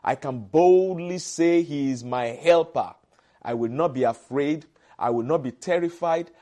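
A man's voice: a little high, a little slow, warm tone. A man preaching a sermon as pastor, emphatic and repetitive, calling on the congregation to repeat after him. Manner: emphatic, repeats phrases for the congregation, calls for responses.

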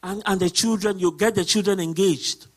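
Man preaching, deacon giving a sermon, pretty high voice, repeats stuff and gets loud. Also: fairly even intonation, moderate pace. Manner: repetitive, emphatic preaching that rises to shouts.

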